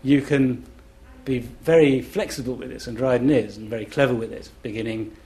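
A middle-aged man speaks at normal speed in a mid-range, slightly mellow voice. As a classics scholar on a festival panel at an indoor live event, he lectures enthusiastically and chants rhythms aloud in syllables.

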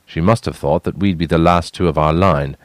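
A man's voice: extremely low pitch, steady tone, brisk, no room sound. A man voicing a weary but proud young royal half-brother, earnest as he explains.

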